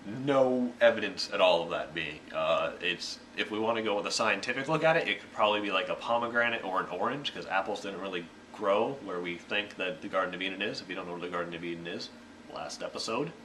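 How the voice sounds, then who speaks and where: A man's voice: low voice, animated, brisk, fairly bright tone, slight background noise, poor audio. A young man reading Bible verses aloud, then explaining them in a jokey, irreverent style full of slang. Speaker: YouTube Bible reader and explainer. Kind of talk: Bible reading and casual comic commentary.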